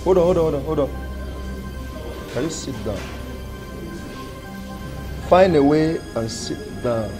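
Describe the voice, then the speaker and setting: An actor with a Nigerian accent playing a coaxing friend who flatters a woman to calm a dispute in a Nollywood film. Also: fairly high pitch, measured pace, pauses often, over music. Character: smooth-talking friend, flattering peacemaker. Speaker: peacemaking friend.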